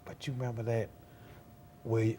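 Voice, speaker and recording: Man, talk show host, mellow dark tone, encouraging, faint rumble behind. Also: completely flat delivery, normal speed. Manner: encouraging, prompting with short affirmations.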